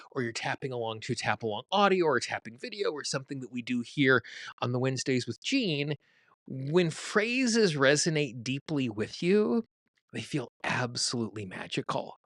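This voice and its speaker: Man, tapping teacher, conversational, everyday examples, medium pitch, dry close sound. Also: fairly bright tone, no echo. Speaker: tapping teacher and show host. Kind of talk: instructional talk to camera.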